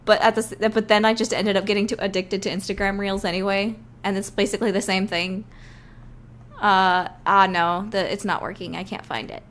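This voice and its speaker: A woman's voice: mid-range voice, little pitch movement, a little fast, fairly bright tone. A woman game developer chatting casually and rambling on a live stream, often breaking into giggles.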